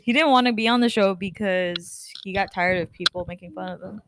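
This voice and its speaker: A woman's voice: mid-range voice, a bit bright, slight background noise. A young woman co-hosting a podcast, chatting playfully and laughing often. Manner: playful, quick to mimic voices and laugh. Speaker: podcast co-host. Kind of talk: casual chat.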